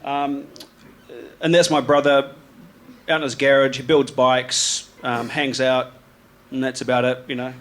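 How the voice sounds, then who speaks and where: A man's voice: mid-range voice, level tone, measured pace, a bit bright. A man from New Zealand with a New Zealand accent, a photographer giving a live talk about his slides. He rambles casually, with lots of ums, restarts and slang. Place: live event venue with an audience.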